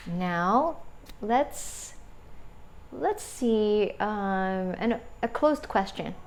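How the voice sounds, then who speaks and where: A woman teaching an English grammar lesson, explaining slowly step by step and checking in with "right?". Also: medium pitch, expressive, a little hiss or hum. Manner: slow, deliberate explaining with frequent "right?" checks.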